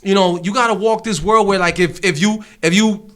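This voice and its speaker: A man co-hosts a casual podcast, making his points earnestly with restarts and plenty of agreement. His voice is fairly high and sounds bright. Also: fairly even intonation, fairly quick. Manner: earnest, many backchannel yeahs, restarts when making a point. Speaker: podcast co-host. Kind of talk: casual chat.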